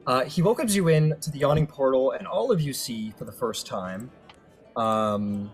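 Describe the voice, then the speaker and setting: Guy dm-ing a tabletop game, laid back and rambly, some quiet music underneath. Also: mid-range voice, moderate pace. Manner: casual, rambling, frequent ums. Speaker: game master.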